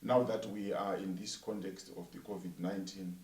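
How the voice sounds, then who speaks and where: A man interviewing a minister, echoing his guest's words and pausing with many fillers. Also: low-pitched, steady tone, a little mellow, far from the mic. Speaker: interviewer, church coordinator. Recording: echoey room, off-mic.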